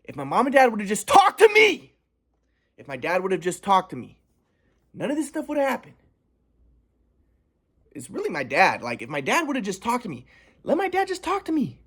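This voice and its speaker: A young man telling a personal story in a vlog, earnest and aggrieved, stressing how calm he stayed. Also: high-pitched, brisk, long pauses, husky. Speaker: vlogger.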